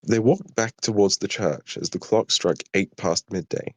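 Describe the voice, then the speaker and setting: A man's voice: lowish voice, moderate pace, dry recording. A tired British man with a southern English accent reading his own story aloud and stopping for apologetic asides. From Britain. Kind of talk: live story reading and chat.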